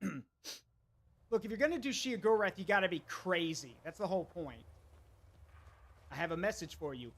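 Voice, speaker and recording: Chatty gaming streamer, lively pitch. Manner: chatty, talks to chat and self while playing. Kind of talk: casual gameplay commentary.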